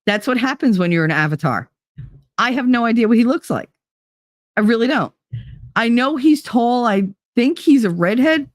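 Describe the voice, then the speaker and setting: A woman's voice: on the high side, expressive, normal speed, no room sound, studio quality. A woman hosting a livestream talk show, chatting casually and reading viewer comments, blunt, swearing freely and laughing easily.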